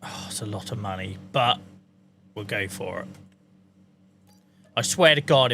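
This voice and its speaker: A man's voice: mid-range voice, normal speed, long pauses, pushed and bright, soft background music. A man streaming a farming game, joking, swearing and chatting with his viewers. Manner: jokey, swears freely, talks to chat. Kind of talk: casual gameplay commentary.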